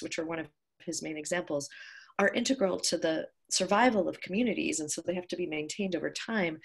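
A woman giving a keynote lecture at an academic conference, measured and deliberate, with occasional restarts. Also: low voice, gravelly, husky. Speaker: keynote speaker. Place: conference hall.

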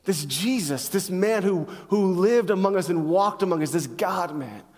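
A man with a high-pitched voice preaching in a church sanctuary. He leans on rhetorical questions and emphatic pauses, and his voice rings out with a long hall echo. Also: expressive, darkish tone. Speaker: pastor. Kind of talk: sermon.

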